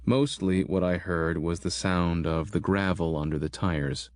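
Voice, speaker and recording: A man narrating a horror audiobook in a steady, measured storytelling manner. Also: deep voice, no room sound, studio quality.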